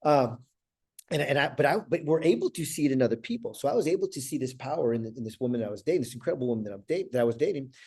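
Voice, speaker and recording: A man's voice: mid-range voice, lively intonation, very fast, a little mellow, breathy edge. A middle-aged man giving a motivational coaching talk, earnest, often repeating words and checking in with "right?". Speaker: life coach.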